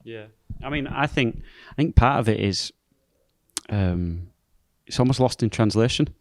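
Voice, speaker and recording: A man's voice: medium pitch, lively intonation, measured pace, a little mellow, no room sound. A man speaking as a pastor guest on a podcast, thoughtful and a little hesitant. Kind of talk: casual discussion.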